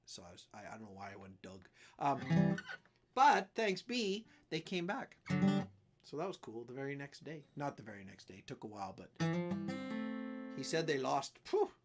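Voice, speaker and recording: A man's voice: medium pitch, big pitch swings, moderate pace. A man from Canada hosting a casual livestream, rambling and joking about himself as he jumps between topics and reads comments. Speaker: livestream host and musician. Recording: guitar music behind. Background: guitar music.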